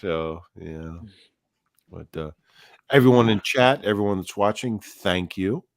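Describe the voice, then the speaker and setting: Male stream host, low and lively, loose and profane. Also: measured pace, no room sound. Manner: profane, rambling, jokey. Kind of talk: casual live-stream chat.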